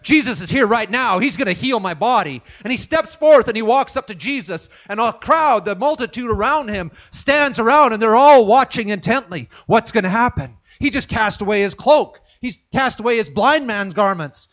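A man's voice: very high voice, animated, normal speed, hardly any pauses, a bit bright. A man preaching a sermon, retelling a story and repeating phrases for emphasis, in a dull lo-fi recording.

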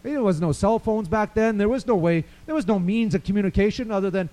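A man preaching a sermon, swinging from quiet storytelling to loud, fervent declarations. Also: high voice, brisk, poor audio.

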